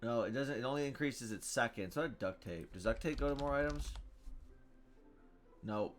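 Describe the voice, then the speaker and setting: A man giving live commentary on his own game, thinking out loud, reading card text aloud and bursting into loud cheers. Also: medium pitch, normal speed. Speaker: gameplay streamer.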